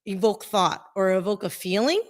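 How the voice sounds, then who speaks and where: A woman's voice: mid-range voice, moderate pace. A woman co-hosting a casual panel chat, chatty and rambling in a playful way. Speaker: co-host.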